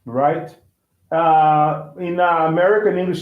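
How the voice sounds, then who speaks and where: A man's voice: fairly high pitch, steady tone. Brazilian man teaching english, tinny echo. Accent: Brazilian Portuguese. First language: Portuguese. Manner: halting, repeats words, mixes English and Portuguese. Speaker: language teacher. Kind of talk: casual classroom explanation. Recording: echoey, tinny phone-like sound.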